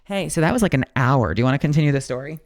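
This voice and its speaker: A woman's voice: low-pitched, very fast. A woman streaming a courtroom game, frustrated and swearing as she talks through it. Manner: frustrated, profane, animated. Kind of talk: live game stream commentary.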